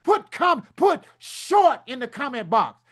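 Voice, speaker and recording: A middle-aged man, giving a loud, preacherly motivational talk at a summit. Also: extremely high pitch, very animated, measured pace. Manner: loud, preacherly, rousing with call-and-response asides. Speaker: summit speaker. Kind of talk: energetic motivational presentation.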